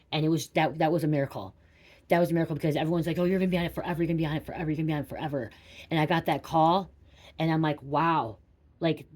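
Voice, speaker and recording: A woman's voice: sits low, a little mellow. A young woman tarot reader rambling through a personal story for her viewers, repeating herself and saying "like" a lot.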